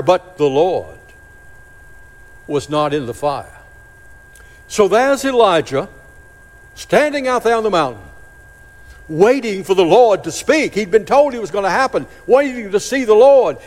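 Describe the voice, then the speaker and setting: A man preaching a sermon, dramatic, slowing and dropping to a hush on key phrases. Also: high-pitched, sing-song. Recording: long hall reverb.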